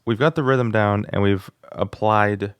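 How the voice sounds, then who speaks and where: A man's voice: lowish voice, steady tone, unhurried, clear, resonant tone, no room sound. A man hosting his own music channel, chatting casually while he works through a beginner singing course and tries the vocal exercises aloud. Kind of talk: casual vlog lesson. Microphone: studio microphone.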